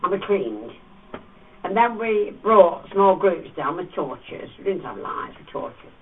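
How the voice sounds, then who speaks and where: A man's voice: sits high, takes it slowly, a little hiss or hum. A man guiding a tour group through a cave, telling teasing stories and acting out voices. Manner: playful, teasing storyteller with animated voices. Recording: distant, phone-like thin sound.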